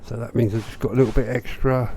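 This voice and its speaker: A man's voice: medium pitch, fairly even intonation, fast talker, warm tone, slight background noise. A man giving a wry, chatty commentary as he plays a video game, with self-mocking asides. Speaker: gamer. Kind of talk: let's play commentary.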